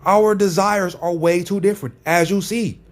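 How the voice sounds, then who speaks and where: A man's voice: high voice, steady tone, moderate pace. A man ranting in a vlog, sarcastic and combative, often repeating his phrases for emphasis. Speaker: vlogger. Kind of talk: ranting commentary.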